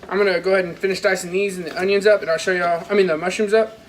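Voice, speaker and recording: A man's voice: high voice, fairly even intonation, racing, poor audio. A man, chatting informally to viewers in a casual cooking vlog from his parents' kitchen. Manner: rambling, informal, talks straight to viewers. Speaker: fishing vlogger. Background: faint household noise.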